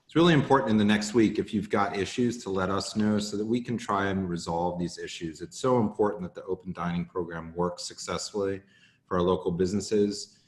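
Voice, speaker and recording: A man's voice: deep voice, fairly quick, roomy sound. A man chairing a video-call meeting in an earnest, emphatic way, calling on speakers.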